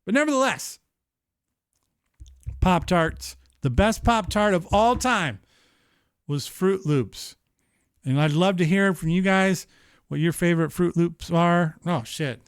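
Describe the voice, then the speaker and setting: A man in his thirties hosting a live-streamed show, chatting casually in an animated, profane, rambling way. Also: sits high, unhurried, smooth, dry recording, studio quality. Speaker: livestream show host.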